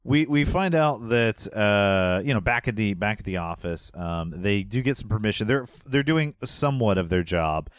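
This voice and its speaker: A man's voice: on the low side, animated, moderate pace, hardly any pauses, smooth, no room sound. A man co-hosting a podcast, casually recapping a movie scene by scene, rambling and trailing off, with a laugh slipping into his lines. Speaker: podcast co-host.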